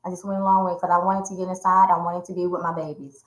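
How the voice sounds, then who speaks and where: A woman's voice: lowish voice, little pitch movement, rapid-fire. A woman guest in an interview telling a personal story and acting out the voices she quotes. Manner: vivid retelling that acts out quoted voices. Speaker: interview guest, domestic violence survivor and speaker. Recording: roomy echo.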